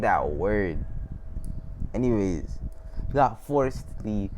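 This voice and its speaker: Male storyteller, casual and rambling, laughs a lot, low voice with lots of swing. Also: animated, a little slow, pauses often, darkish tone, a little hiss or hum. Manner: rambling, laughs often, restarts and corrects himself. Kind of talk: casual retelling of a fan story.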